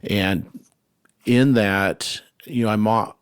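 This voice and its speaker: Deep-voiced man hosting a casual talk. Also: takes it slowly, clear, resonant tone, no echo, clean studio sound. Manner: rambling, many restarts and fillers. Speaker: host. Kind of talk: casual conversation.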